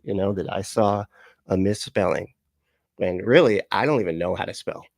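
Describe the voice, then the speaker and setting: A man's voice: low voice, normal speed, vocal fry, no room sound, clean studio sound. A man streaming casually, reading chat comments aloud, rambling with frequent laughs and swearing. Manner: rambling, laughs often, profane asides.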